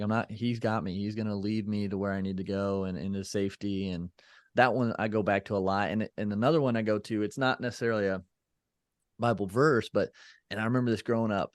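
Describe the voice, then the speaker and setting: A man's voice: fairly low pitch, no echo, clean studio sound. A man as a podcast guest in casual interview chat, reflective and loose, with many fillers and restarts.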